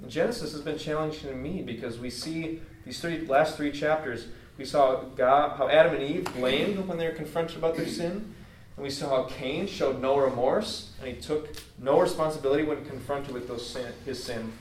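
A man's voice: a little high, normal speed, slight background noise. Earnest preacher man in an echoey hall. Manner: earnest, informal, many fillers. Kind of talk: conversational sermon. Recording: echoey room, mic at a distance.

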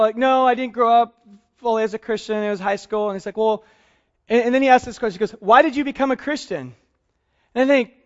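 A man's voice: high voice, highs cut off. A middle-aged male pastor preaching a conversational sermon, acting out both sides of dialogues with self-deprecating humor. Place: church service.

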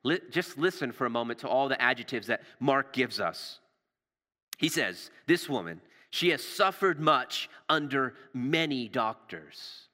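A man preaching a sermon with passion, repeating words and dropping to a hush for emphasis, recorded in a church. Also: mid-range voice, lively intonation, a little slow. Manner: impassioned, repeats words, drops to hushed emphasis. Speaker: pastor. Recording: long reverb of a large hall.

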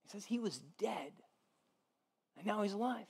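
A man with a high voice gives a sermon in a relaxed, chatty manner. He checks in with the room often and sometimes goes quiet and soft for emphasis. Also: normal speed, creaky, husky. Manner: conversational, with many "like" and "right?". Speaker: pastor.

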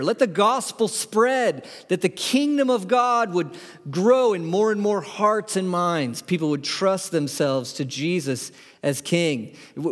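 A man's voice: high voice, in a large hall. A man preaching a sermon to his congregation, conversational and full of questions to the room. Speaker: pastor. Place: church sanctuary.

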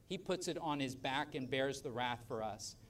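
A man preaching a sermon as pastor at a church service, emphatic, swelling loud and dropping soft. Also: mid-range voice, lively intonation, normal speed, recorded from a distance.

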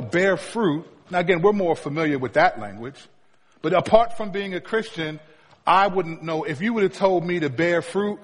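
Husky pastor in a reverberant hall. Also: male voice, on the high side. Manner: storytelling, humorous asides to the congregation. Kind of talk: sermon.

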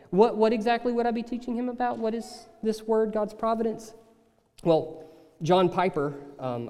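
A man preaching a sermon in a conversational, animated way, slipping into acted asides. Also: on the high side, long reverb tail. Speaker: pastor.

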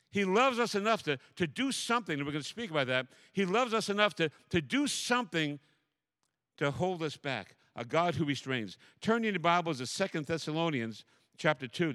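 Animated preaching pastor, dry close sound. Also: male voice, a little high, dry recording. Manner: animated storytelling, repeats phrases, preaching cadence. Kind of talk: sermon. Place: church.

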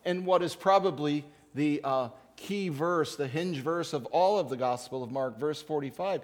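Man, high voice, pastor, conversational sermon, acts out characters in asides. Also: moderate pace.

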